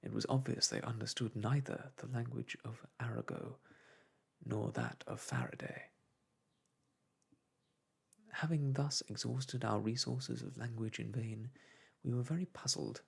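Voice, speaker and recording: A man reading a classic novel aloud in a soft, hushed ASMR storytelling style. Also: mid-range voice, expressive, a little slow, pauses often. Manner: hushed, breathy and gentle.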